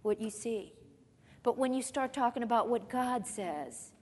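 A woman's voice: fairly high pitch, unhurried, a little mellow, breathy edge. Woman preacher in an echoing hall. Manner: emphatic preaching with rhetorical questions and scripture reading. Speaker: pastor. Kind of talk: sermon. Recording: long reverb of a large hall.

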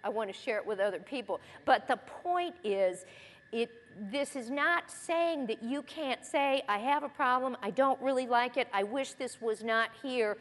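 This woman's voice sits on the high side with a fairly bright tone, and she keeps a moderate pace. Teaching the Bible in a church hall, she's homey and chatty, alternating scripture with stories from her own life.

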